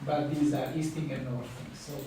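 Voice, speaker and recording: A man teaching a hands-on software class, talking haltingly with many fillers and restarts. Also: mid-range voice, fairly even intonation, noisy background. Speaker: instructor. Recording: echoey classroom from far off.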